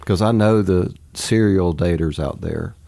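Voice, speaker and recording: Deep gravelly-voiced man, earnest. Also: measured pace, warm tone. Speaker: pastor. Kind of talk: casual conversation.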